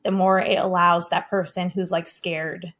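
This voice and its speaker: A woman's voice: on the low side, level tone, measured pace, fairly bright tone. Chatty young woman coach, casual. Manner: chatty, heavy use of 'like', casual swearing. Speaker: breathwork coach guest. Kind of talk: casual podcast chat.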